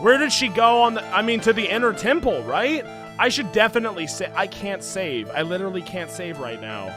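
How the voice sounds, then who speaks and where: A man's voice: high voice, sing-song, a little fast, music in the background. A man streaming a game, casually commenting and reading dialogue with irreverent, sarcastic asides and frequent swearing. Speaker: let's play streamer.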